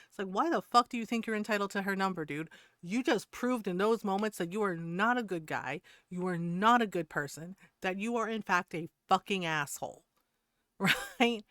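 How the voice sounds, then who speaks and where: A woman streamer rants to her chat, heated and swearing freely, with laughs breaking up her points. Her voice sits at a middle pitch. The recording is dry and close, with no room sound. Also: normal speed, fairly bright tone, no room sound. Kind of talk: casual rant to stream chat.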